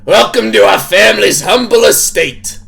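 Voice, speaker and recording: A man's voice: sits high, lively intonation, normal speed, creaky, fairly bright tone, soft background music, pitched above the performer's own voice, full character voice. A man voicing a cold young woman who reluctantly hosts guests at an old estate, giving curt, matter-of-fact warnings as he reads game dialogue aloud.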